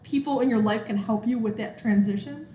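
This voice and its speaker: A woman's voice: on the high side, brisk, warm tone. A woman co-hosting a movie podcast in casual chat, giggly and teasing. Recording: echoey room with faint noise.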